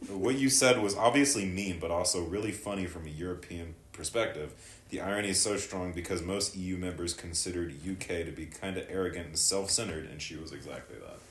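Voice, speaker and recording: Deep-voiced man laughing in an echoey room. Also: a little fast. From United States. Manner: laughs often, swears casually. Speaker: podcast co-host. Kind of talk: casual chat.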